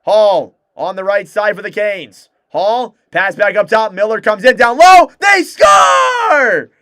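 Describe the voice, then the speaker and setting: A young man doing live hockey play-by-play commentary as a fan streamer, calling the action quickly and reacting with excitement. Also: sits high, no echo, studio quality.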